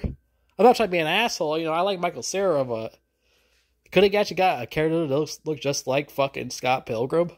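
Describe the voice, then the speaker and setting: A man delivering a crude, profanity-filled film rant to his subscribers, his pitch jumping up sharply when he gets worked up. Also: animated, fairly quick. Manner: crude, swearing, sudden pitch jumps. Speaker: film reviewer.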